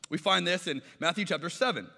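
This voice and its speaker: Pastor guy preaching, chatty storyteller, kinda high bright voice, big echoey church sound. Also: a little fast, creaky. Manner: storytelling, conversational, acting out quoted voices. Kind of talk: sermon.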